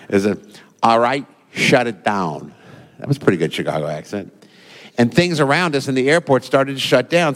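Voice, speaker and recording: A man giving a sermon as a pastor, reading Scripture and then telling stories in a folksy, conversational way with asides. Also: medium pitch. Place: church sanctuary. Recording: reverberant church sanctuary.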